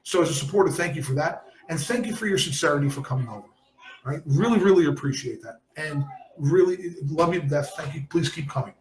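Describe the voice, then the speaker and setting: A man's voice: a little high, brisk, a little mellow, reverberant. A man from New Jersey hosting a podcast in casual chat, blunt and emphatic. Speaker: podcast host.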